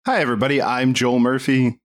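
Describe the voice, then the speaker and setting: A man's voice: mid-range voice, fairly even intonation, brisk, over loud music. A man hosting a movie podcast, playful and riffing in casual chat. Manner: playful, riffs and does silly bits. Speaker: podcast host.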